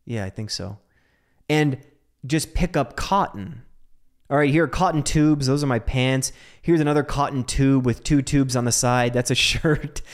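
A young man from Canada hosting a casual monologue, joking and swearing, who jumps from hushed asides to high, incredulous outbursts. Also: normal speed. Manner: profane, joking.

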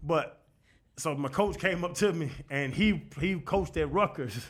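A man guest telling stories in a casual podcast chat, profane and animated, quick to laugh and acting out what others said. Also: on the high side. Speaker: guest, former football linebacker.

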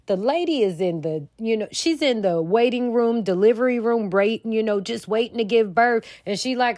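A young woman, hosting a podcast and recapping a TV episode in an animated, slangy way, straight to her listeners. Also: a little high, moderate pace, few pauses, no echo, studio quality. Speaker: podcast host recapping a TV show. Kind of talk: casual recap monologue.

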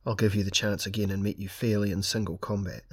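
A man's voice: on the low side, brisk, close to an everyday voice. A man reading aloud and voicing a grim, defiant sorcerer-king in an audiobook. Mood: calm. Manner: calm then crying out defiantly.

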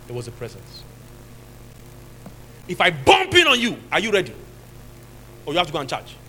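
A man with a Nigerian accent preaching a sermon as pastor, now and then shouting and laughing with the congregation. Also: high-pitched, huge pitch swings, moderate pace, breathy edge, poor audio.

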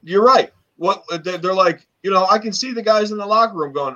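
Animated man on a lo-fi podcast. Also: high voice, fairly quick, few pauses. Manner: animated, swears freely, acts out quoted wrestlers. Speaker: podcast co-host. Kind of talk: casual chat.

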